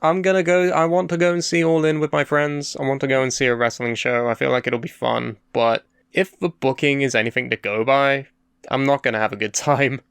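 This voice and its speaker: A man's voice: mid-range voice, steady tone, brisk, creaky, fairly bright tone, clean tone, no room sound. A man co-hosting a casual podcast chat, blunt and sarcastic. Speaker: podcast co-host.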